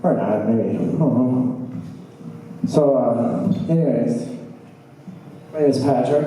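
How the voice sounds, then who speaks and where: A man doing a stand-up set at an open mic, with a halting, meandering delivery full of fillers and trailing asides. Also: mid-range voice, dark tone. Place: small bar open mic stage, indoors. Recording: echoey bar from a distant camera with faint room noise.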